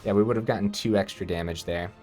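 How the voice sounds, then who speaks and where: A man giving casual gameplay commentary, thinking aloud and breaking into excited outbursts. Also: lowish voice, quick pace, soft background music.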